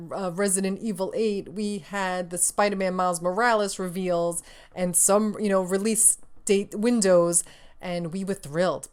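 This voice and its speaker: A young woman hosts a gaming news roundup with a slightly low voice. She rants with sass and plenty of swearing. She laughs often as she vents. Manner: profane, sassy, laughs often, exasperated. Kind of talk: casual gaming news rant.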